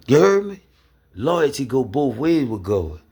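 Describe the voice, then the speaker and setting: A man's voice: medium pitch, sing-song, a little slow, a little mellow, slightly rough. A man giving an impassioned faith testimony, preaching in street slang and asking "you heard me?" again and again. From Louisiana, USA. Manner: repeats "you heard me?", street slang, rising emphatic bursts. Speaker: speaker sharing faith testimony.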